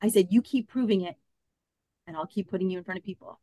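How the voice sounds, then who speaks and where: A woman's voice: mid-range voice, fast. A woman in her fifties, a podcast guest telling a personal story and acting out the dialogue in it. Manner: animated, acts out quoted dialogue. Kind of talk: storytelling in an interview.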